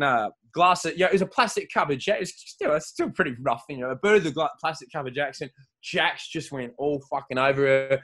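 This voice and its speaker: A man's voice: on the high side, brisk, a bit bright. Sweary rambling Australian man. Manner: sweary, rambling, laughs often. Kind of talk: crude casual chat.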